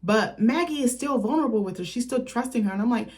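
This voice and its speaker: A woman's voice: on the high side, expressive, quick pace. Chatty swearing woman vlogger. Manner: chatty, swears freely, recounts scenes with quoted lines. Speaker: film critic vlogger. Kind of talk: casual film recap.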